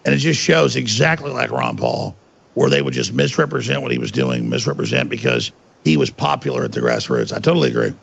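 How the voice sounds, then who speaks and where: Gravelly, ranting man with lively pitch. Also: fairly quick, highs cut off. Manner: ranting, indignant, emphatic. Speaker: guest. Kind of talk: heated interview talk.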